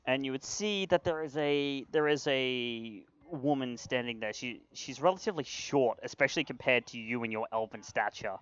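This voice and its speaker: A man's voice: medium pitch, moderate pace, few pauses, fairly bright tone, clear, resonant tone, no echo. Casual male game master, lo-fi. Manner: casual, with restarts and fillers. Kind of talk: narrating a tabletop role-playing game.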